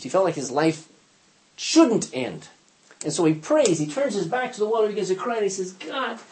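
Older man, lively storytelling Bible teacher. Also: on the high side. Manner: animated storyteller, acts out quotes, frequent restarts. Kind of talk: informal Bible lesson.

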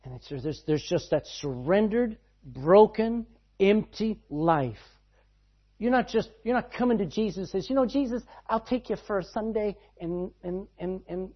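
Male preacher, husky and a little high-pitched, dramatic loud-soft delivery; muffled lo-fi recording. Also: animated, normal speed. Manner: dramatic swings between loud and hushed. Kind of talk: sermon. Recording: dull lo-fi sound.

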